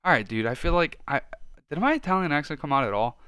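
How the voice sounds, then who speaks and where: A man co-hosting a podcast in casual chat, ranting and swearing freely and getting loud when worked up. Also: fairly high pitch, lively intonation, fast talker, clean tone, no echo, clean studio sound. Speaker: podcast co-host.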